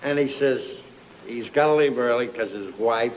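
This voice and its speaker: An actor playing a drunk, boastful middle-aged man in a 1950s sitcom, with slurred, drawn-out speech. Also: mid-range voice, close to an everyday voice. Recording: old TV audio, roomy with faint hiss.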